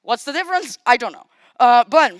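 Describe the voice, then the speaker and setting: A woman at a conference podium walks the room through code as she types, chatting and making self-deprecating jokes. Her voice is fairly high and swoops up and down with lots of life. The sound is clean and dry, with no room echo. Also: animated, brisk. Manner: thinks aloud while typing, talks to the audience. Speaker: conference speaker. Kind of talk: live-coding tech talk. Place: conference stage.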